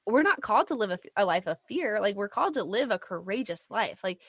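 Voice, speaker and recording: A woman in her thirties, a podcast guest, telling a family story in a casual, animated way and acting out the voices of people she quotes. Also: mid-range voice, fast talker, slightly rough, dry recording. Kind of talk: casual chat.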